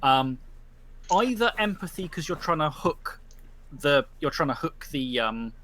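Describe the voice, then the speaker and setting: Male game master, lively pitch, rambling, restarts often. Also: measured pace. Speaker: storyteller. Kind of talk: narrating a tabletop game.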